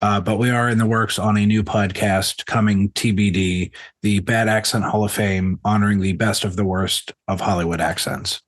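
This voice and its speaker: Lower-voiced man plugging a podcast. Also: fairly even intonation, moderate pace, dry recording. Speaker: player and podcaster. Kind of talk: casual stream chat.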